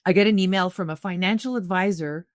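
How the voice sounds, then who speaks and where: A middle-aged woman from Canada recounts a personal story as a podcast guest, speaking in a slightly low voice. Her telling is earnest and animated, full of restarts. The sound is dry and close. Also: fast talker, no echo. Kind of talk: conversational storytelling.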